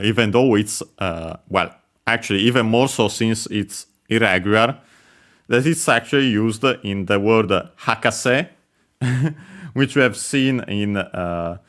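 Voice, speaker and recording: A man giving a casual language lesson, explaining slowly with many hesitant pauses and fillers. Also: lowish voice, a bit bright. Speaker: language teacher.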